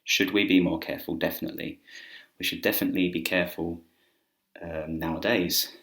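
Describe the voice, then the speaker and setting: A deep-voiced man gives a casual English grammar lesson to camera, chatty and relaxed, with plenty of filler words. His voice rings in a noticeably echoey room. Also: fairly quick. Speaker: English teacher. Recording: roomy echo.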